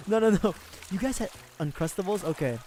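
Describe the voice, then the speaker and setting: A man from the Philippines with a voice pitched a little high, talking loosely to his chat during a game stream. He laughs a lot and drops casual swears as he goes. Soft game music runs underneath. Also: lively intonation, brisk. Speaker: livestreamer. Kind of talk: casual gaming livestream chat.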